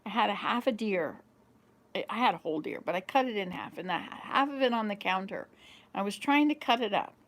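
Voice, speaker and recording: A woman's voice: mid-range voice, animated, brisk. A woman in her fifties hosting a vlog, telling rambling home stories to a small camera with frequent laughter. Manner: rambling, chatty storyteller who laughs often. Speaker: vlog host. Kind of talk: casual chat to camera.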